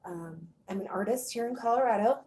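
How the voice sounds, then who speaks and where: A woman born in Germany, speaking hesitantly with many pauses in a personal confessional vlog, a little out of breath. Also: medium pitch, mellow, a little hiss or hum. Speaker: vlogger.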